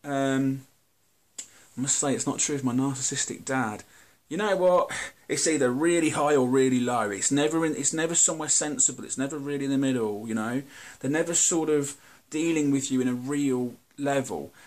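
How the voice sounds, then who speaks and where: A British man talking to camera in a candid, earnest monologue, blunt and halting, often restarting his sentences. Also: medium pitch. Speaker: video host.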